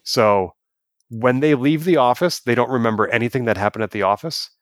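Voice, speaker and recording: A man co-hosting a podcast, chatting in a casual, animated way and acting out quoted lines as he tells stories. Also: medium pitch, brisk, dry recording, clean studio sound. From United States. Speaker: podcast co-host. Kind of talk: casual review chat.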